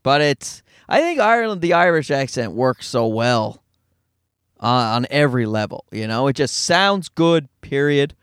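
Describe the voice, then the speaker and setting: A middle-aged man with a Newfoundland accent, a stand-up comedian talking fast and profanely in a rambling, self-deprecating monologue from his car. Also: mid-range voice, big pitch swings, fairly bright tone, clear, resonant tone, no echo, studio quality. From Newfoundland, Canada. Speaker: stand-up comedian, podcast host.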